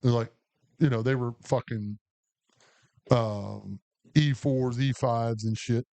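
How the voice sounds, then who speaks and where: A man's voice: medium pitch, steady tone, slow, creaky, warm tone. A man, co-hosting a podcast and telling a long, profane, rambling story full of restarts. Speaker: podcast co-host. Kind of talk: casual storytelling chat.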